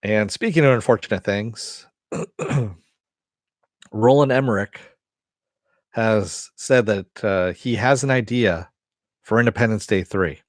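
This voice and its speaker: A man's voice: on the low side, slow, pauses often, no room sound, studio quality. Profane rambling male stream host. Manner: rambling, profane, restarts often. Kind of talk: casual live-stream chat answering viewers.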